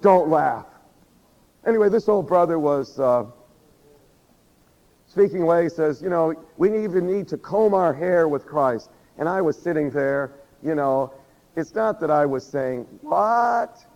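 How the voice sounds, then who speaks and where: A man preaching a sermon who acts out prayers and quotes with lively energy, laughing often and saying he is losing his voice. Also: on the high side, unhurried. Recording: dull recording with long hall reverb.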